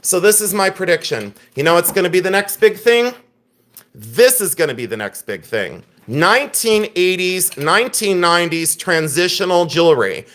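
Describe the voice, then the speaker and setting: A man's voice: high-pitched, big pitch swings, normal speed, fairly bright tone. Chatty man hosting a live jewelry sale. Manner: chatty, openly frustrated, thanks viewers by name. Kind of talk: live-stream selling chat.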